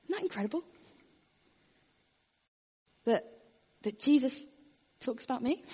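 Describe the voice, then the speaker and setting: A woman preaching a sermon, earnest, often dropping her voice very soft and quiet. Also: fairly high pitch, long reverb tail.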